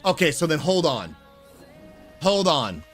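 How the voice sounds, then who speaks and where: A bright, high-pitched man streaming a game from home, his voice leaping up and down as he shouts and laughs in bursts. He talks in an unhurried way between outbursts, with faint game music behind him. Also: breathy edge. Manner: excitable, shouts and laughs in bursts, calls people bro. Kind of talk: live gaming stream chat.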